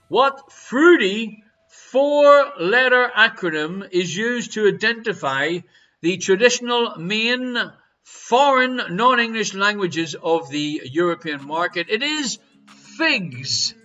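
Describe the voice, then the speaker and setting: A man hosts a live online quiz with a high, bright voice. He reads out questions with jokey showman patter and sudden loud calls of each number. Faint music plays behind him. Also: animated, takes it slowly, rough recording. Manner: jokey, showy quizmaster patter with big swings in loudness. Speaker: quiz host. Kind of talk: live-streamed pub quiz hosting. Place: home streaming setup.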